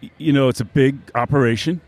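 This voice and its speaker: A hungover man co-hosting at an outdoor beer festival, speaking in short, halting bits. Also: medium pitch, a little mellow. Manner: laconic, halting. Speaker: co-host. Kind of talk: casual on-site interview.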